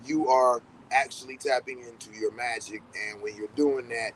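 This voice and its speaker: A man talks in a loose, rambling way and swears casually. He acts out little reactions as he goes, at a medium pitch. Faint traffic and street noise sit in the background. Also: steady tone, moderate pace, fairly bright tone, rough recording. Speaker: podcast host. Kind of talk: casual spiritual talk.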